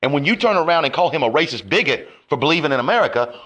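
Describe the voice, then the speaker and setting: Man, angry rant, profane, confrontational, bright edgy tone, big pitch swings. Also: expressive, very fast. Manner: profane, confrontational, rising and falling in heat. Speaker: online commentator.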